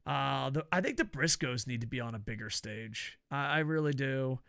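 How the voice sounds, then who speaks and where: Gravelly, bright-voiced New man. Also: mid-range voice, lively intonation, normal speed, dry recording, clean studio sound. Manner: rambling, profane, laughs at own stories. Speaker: podcast host. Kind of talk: casual wrestling review chat.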